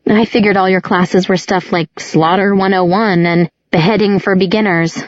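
A woman voicing a sharp-tongued, curious teenage girl with wry, quick comebacks. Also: mid-range voice, fairly even intonation, no room sound, lo-fi sound, close to an everyday voice.

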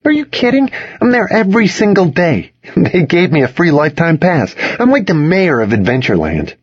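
A cheerful, wisecracking teenage boy with a smug edge, as a man reads him, pitched up from his own voice. The line bounces up and down. The storybook recording is dry and a little dull. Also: big pitch swings, moderate pace, husky, full character voice. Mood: teasing.

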